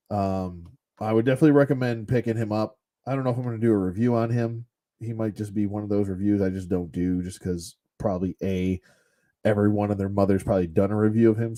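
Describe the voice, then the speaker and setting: A man's voice: on the low side, mellow. A man casually reviewing action figures off the cuff, rambling and blunt, with some mild cursing. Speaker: toy collector reviewer. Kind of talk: casual unscripted toy review.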